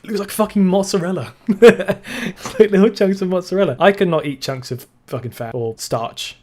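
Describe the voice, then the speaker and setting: A man's voice: high-pitched, normal speed, a little mellow. A man giving sarcastic, swearing reaction commentary, laughing often. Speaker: reaction video host.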